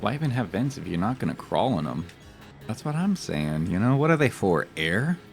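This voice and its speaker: A man's voice: lowish voice, sing-song, moderate pace, vocal fry. A male streamer giving chatty, jokey gaming commentary and swearing freely. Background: faint game music.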